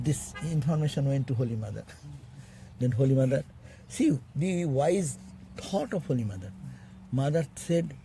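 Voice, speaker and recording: A monk teaching a spiritual class, telling stories in a halting way and chuckling often. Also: male voice, fairly high pitch, dark tone, slight background noise. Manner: halting, restarts phrases. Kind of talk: storytelling sermon.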